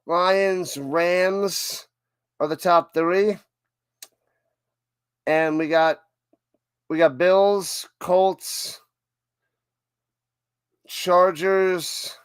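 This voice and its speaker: A man with a fairly high voice rambles through casual football chat on a live stream, often stopping and restarting his sentences. The sound is dry and close, with no room around it. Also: smooth, no echo. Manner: rambling, self-interrupting, chatty. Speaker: livestream host.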